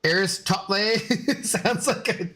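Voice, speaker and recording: A man's voice: fairly high pitch, moderate pace, a bit bright. A man streaming a game, chatting casually with his viewers, joking and laughing often. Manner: jokey and chatty, laughing often, answering chat. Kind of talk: casual live-stream chat while gaming.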